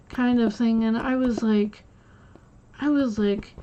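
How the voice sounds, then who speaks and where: Woman streamer, fairly high voice, slow and rambling, acts out quoted dialogue; dull lo-fi mic with faint hiss. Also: fairly even intonation, mellow. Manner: rambling, retells conversations by acting out quotes. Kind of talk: casual personal storytelling. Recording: dull lo-fi sound with faint noise.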